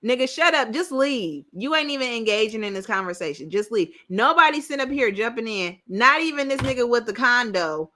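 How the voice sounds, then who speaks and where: Blunt, bright-voiced woman ranting. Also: fairly high pitch, expressive, brisk, hardly any pauses. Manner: blunt, direct, profane. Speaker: commentary host. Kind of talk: reaction commentary on a panel clip.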